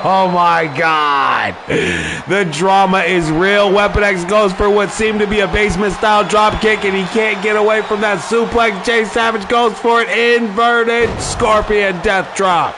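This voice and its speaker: High-voiced excitable male game commentator. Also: background noise. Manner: excitable, often shouting exclamations. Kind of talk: excited play-by-play commentary of a wrestling video game.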